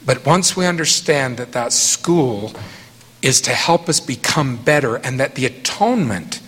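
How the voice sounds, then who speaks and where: A middle-aged man speaking slowly and emphatically, leaning on single words as he answers questions after a talk. His voice has a husky edge. The sound carries a long hall reverb. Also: medium pitch, a bit bright. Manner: earnest and emphatic, slow deliberate phrasing.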